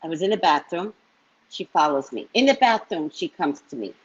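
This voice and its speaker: A woman psychic reader telling a story to her live-stream viewers in a casual, animated way, often tagging lines with "right?". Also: low-pitched, brisk, husky. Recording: dull lo-fi stream audio.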